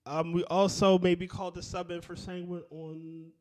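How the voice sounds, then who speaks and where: A man's voice: sits high, level tone, moderate pace, darkish tone. A man hosting a casual podcast, swearing freely as he runs through the schedule announcements. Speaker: podcast host. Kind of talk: casual chat.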